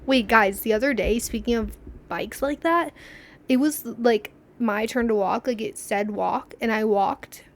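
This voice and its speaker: A woman's voice: on the high side, measured pace. A young woman hosting a podcast, telling stories in a rambling, casual way, laughing often and acting out what people said. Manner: chatty, rambling, laughs often, acts out quotes. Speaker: podcast host. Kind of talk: casual storytelling chat.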